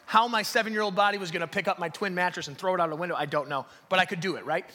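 A male pastor preaching a sermon live in a church hall, telling stories in an animated way and dropping to hushed, near-whispered emphasis. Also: high-pitched, racing. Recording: long reverb of a large hall.

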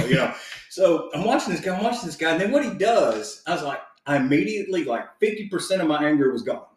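A man with a fairly high, fairly quick voice co-hosts a podcast, spinning a story through casual chat. He swears liberally, stays animated, and laughs while he tells it, his voice distant from the mic in a heavily echoing room.

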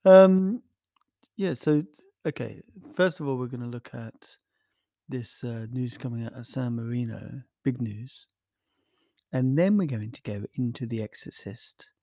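A man's voice: mid-range voice, warm tone, no room sound, studio quality. A man hosting a podcast, chatting casually through a rambling, hesitant, self-mocking intro. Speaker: podcast host.

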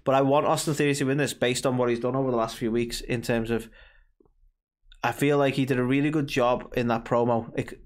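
Male co-host, Scouse-sounding accent, mid-pitched, opinionated and blunt. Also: fairly even intonation. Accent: Scouse-sounding northwest English. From near Liverpool, England. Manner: opinionated, blunt, quick to argue. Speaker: podcast co-host. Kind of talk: casual chat.

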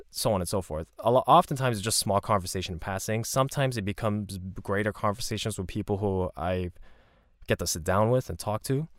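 Relaxed low-voiced man telling stories. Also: no echo, clean studio sound. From Canada. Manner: relaxed, rambling, laughs often. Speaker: podcast host. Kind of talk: casual solo podcast storytelling.

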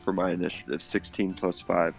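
Player, man, very deep and gravelly, halting delivery, faint music behind. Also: flat delivery. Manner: hesitant, halting with many fillers. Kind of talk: casual tabletop game play.

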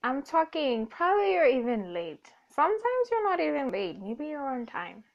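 A woman's voice: sits high, very animated, normal speed, gravelly. A young woman hosts a casual, rambling podcast monologue. She self-corrects, jokes and laughs often. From Namibia. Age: young adult. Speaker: podcast host. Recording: dull lo-fi recording.

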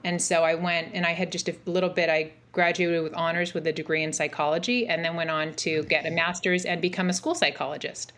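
A woman's voice: on the low side, a little fast, few pauses. Chatty, rambling woman in her forties. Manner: animated, rambling, many fillers and restarts. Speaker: podcast guest, mental health practitioner. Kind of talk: casual interview storytelling.

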